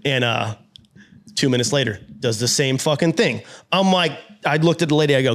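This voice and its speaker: Guy on a podcast telling a crash story all animated, cussing, doing his own voice in the quotes, normal pitch. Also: normal speed. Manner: acts out his own past lines, swears freely. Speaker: podcast guest. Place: podcast studio.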